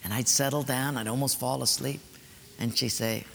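A man's voice: medium pitch, fairly even intonation, normal speed, gravelly. A man preaching a sermon, telling a personal story with emphatic turns. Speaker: pastor. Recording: echoey hall, faint noise.

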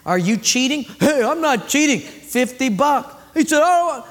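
High-voiced storytelling pastor in a hall. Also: male voice, a little slow. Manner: animated storyteller, acts out voices, laughs often. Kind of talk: sermon with storytelling. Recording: faint noise in a hall with long reverb.

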